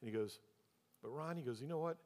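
Talking fast in a mid-range, darkish voice, a pastor gives a sermon that opens with a personal story and then presses listeners with rhetorical questions. The sound has a long hall reverb.

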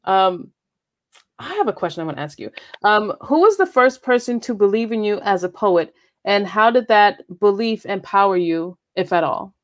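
A woman's voice: medium pitch, animated, normal speed. A woman interviewer asking questions in a casual, encouraging way.

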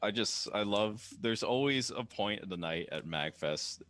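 A man's voice: on the low side, animated, unhurried, a bit bright. A young man co-hosting a podcast in casual chat, a laid-back listener with chuckles and short replies. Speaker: podcast co-host.

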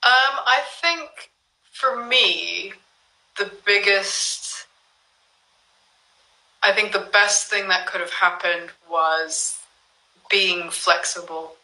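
Woman, thoughtful guest, bright voice, echoey room. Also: mid-range voice, drawn-out words, pauses often. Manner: reflective, thoughtful. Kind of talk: casual chat.

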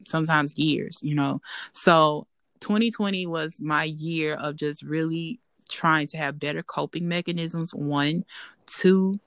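A woman's voice: low-pitched, gravelly, fairly bright tone, dry recording. A young adult woman co-hosting a podcast, talking candidly and reflectively in casual chat. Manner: candid, reflective, repeats herself for emphasis. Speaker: podcast co-host.

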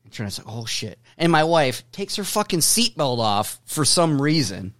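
A man hosting a podcast, telling a profane, animated story in casual chat at his mixer board. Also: a little high, moderate pace. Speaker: podcast host. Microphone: studio mic at a mixer board.

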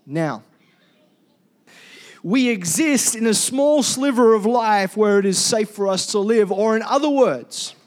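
A man preaching a sermon as pastor, animated and calling on the congregation to respond. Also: high-pitched, unhurried.

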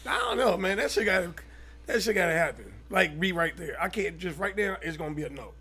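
A man's voice: sits high, a little fast, sharp tone, slightly rough. A man co-hosting a podcast, chatting in a laid-back, profane way, laughing often and acting out quotes. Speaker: podcast co-host. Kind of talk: casual chat.

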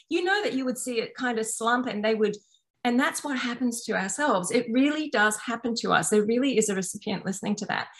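A woman speaking earnestly and gently about self-care in long, flowing sentences that restart mid-thought. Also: a little high, quick pace. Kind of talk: reflective personal talk.

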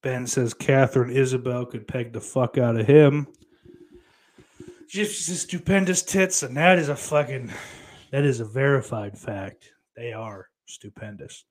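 In a steady, medium-pitched voice at a measured pace, a male streamer reads his chat in an affected Irish accent. The casual stream is full of cursing and fits of giggles.

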